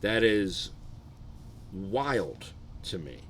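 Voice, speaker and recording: Bright-voiced, profane male streamer. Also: big pitch swings, very slow, a little hiss or hum. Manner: rambling, profane, low-key. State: tired, low energy. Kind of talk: casual live-stream chat.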